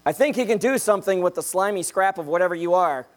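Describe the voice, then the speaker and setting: A young man preaching a sermon in a jokey, animated way, checking in with "okay?" after each point. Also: high-pitched, fast.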